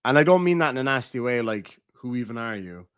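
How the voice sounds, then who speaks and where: A man's voice: mid-range voice, expressive, fast talker, clean tone, no echo, clean studio sound. Chatty Cork Irishman swearing freely. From Ireland. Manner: chatty and swears freely while reading chat aloud. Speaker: livestream host. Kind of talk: casual livestream chat.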